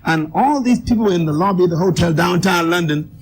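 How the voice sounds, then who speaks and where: A man's voice: high voice, a little fast, slight background noise. A man, an author and guest speaker, telling a personal story in an interview with emphatic, dramatic delivery. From Bahamas.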